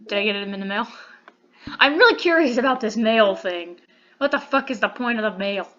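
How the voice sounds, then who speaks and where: A woman's voice: a little high, lively intonation, brisk, sharp tone. Teary woman doing let's play commentary, curses a lot, kinda muffled audio. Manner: emotional, swears a lot, blunt. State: teary after crying. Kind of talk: casual gameplay commentary, reading game text aloud.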